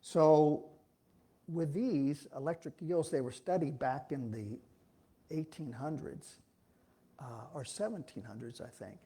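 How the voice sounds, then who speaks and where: A man's voice: on the high side, measured pace, warm tone, slightly rough. A man giving an informal, folksy sermon at a church, talking in a rambling way with frequent restarts. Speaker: speaker giving a talk at a church.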